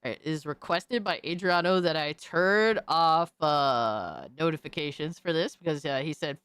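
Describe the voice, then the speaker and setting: Excitable cursing woman streamer. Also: sits low, moderate pace, hardly any pauses, smooth, no echo, studio quality. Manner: profane, excitable, thanks viewers by name. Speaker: livestreamer. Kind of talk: casual stream chat, reacting to videos.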